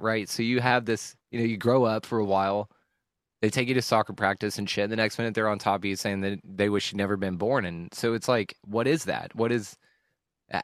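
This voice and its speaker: A man hosting a podcast, talking candidly and emotionally about a hard stretch, rambling and swearing with frequent halting restarts. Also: lowish voice, dry recording, studio quality. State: emotional at times. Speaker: podcast host. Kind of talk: candid personal monologue.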